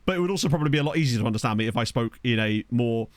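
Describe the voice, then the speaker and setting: A man with a neutral British accent chats quickly to his live-stream viewers while he plays a football management game. His voice bounces up and down with lots of lively pitch movement. It sounds dry and close, as if recorded on a desktop mic at home. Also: no room sound. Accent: neutral British English. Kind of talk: casual live-stream chat. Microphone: desktop USB microphone.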